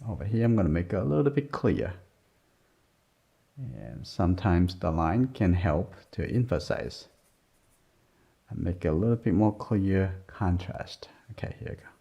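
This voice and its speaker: A man with a deep, gravelly, mellow voice talks an art lesson through as he draws. He murmurs in short, simple, broken phrases. The recording is dull and lo-fi. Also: sing-song, measured pace, pauses often. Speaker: art teacher. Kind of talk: drawing lesson narration while working. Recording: dull lo-fi sound.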